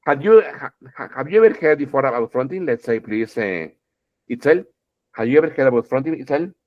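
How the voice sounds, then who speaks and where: Male English teacher, animated pitch, keeps asking "okay?", dull video-call sound. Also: brisk. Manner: keeps checking in with "okay?", repeats words, addresses students fondly. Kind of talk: online English grammar lesson.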